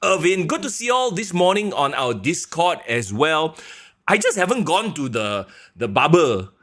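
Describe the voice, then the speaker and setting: A man chats on a podcast, playful and quick to laugh. His voice sits slightly high and sounds bright. His pitch jumps around a lot as he talks. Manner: animated, playful, laughs often. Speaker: podcast co-host. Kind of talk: casual chat.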